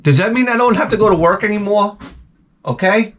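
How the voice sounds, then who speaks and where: A middle-aged man hosting his own channel, giving a crude, profane comedic rant that swings from mutters to shouts. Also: sits high, brisk, a little hiss or hum. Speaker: channel host.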